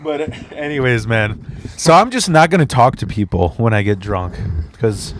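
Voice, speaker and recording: A man's voice: mid-range voice, normal speed, a little hiss or hum. A man telling stories in a casual podcast chat, rambling and profane, acting out both sides of the conversation. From immigrant. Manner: profane, rambling, animated retelling. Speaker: podcast guest, standup comedian.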